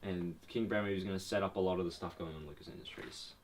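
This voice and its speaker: A young man co-hosting a podcast in casual chat, rambling with restarts and swearing freely, his voice a little low and groggy in the morning. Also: steady tone, very fast, a little hiss or hum. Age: young adult. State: morning voice, a bit lower than usual. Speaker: podcast co-host.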